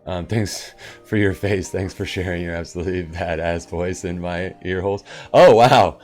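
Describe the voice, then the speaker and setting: A man's voice: low-pitched, flat delivery, normal speed, faint music behind. A man live-streaming and chatting casually with viewers, rambling and upbeat in his morning voice. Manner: rambling and upbeat, with sudden loud bursts.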